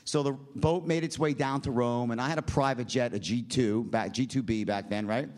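A middle-aged man telling a long personal story in a casual, rambling, profane way, often tagging lines with "right?" and jumping up in pitch when he quotes people. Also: fairly quick. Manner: animated, jumps in pitch when quoting people. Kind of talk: casual spoken anecdote.

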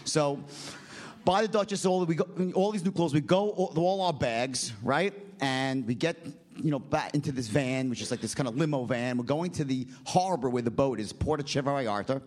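A middle-aged man telling a long personal story in a casual, rambling, profane way, often tagging lines with "right?" and jumping up in pitch when he quotes people. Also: normal speed. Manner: animated, jumps in pitch when quoting people. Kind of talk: casual spoken anecdote.

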